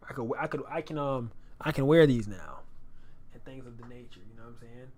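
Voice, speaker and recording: A man's voice: medium pitch, fairly quick, a little mellow, slight background noise. A young man photographer chatting loosely on his live stream while he edits, full of slang and repeated phrases. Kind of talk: casual live-stream chat.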